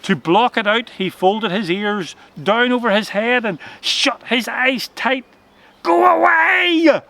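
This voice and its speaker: A man reading a children's adventure story aloud in an expressive, dramatic way. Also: sits high, unhurried.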